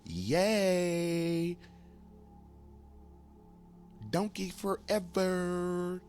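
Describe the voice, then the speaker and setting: A man's voice: sits high, steady tone, extremely slow, a little mellow, faint music behind, voice pushed up. A man voicing a gullible cheering partisan in a mocking, singsong tone. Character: gullible cheering partisan, adult, mocked as naive.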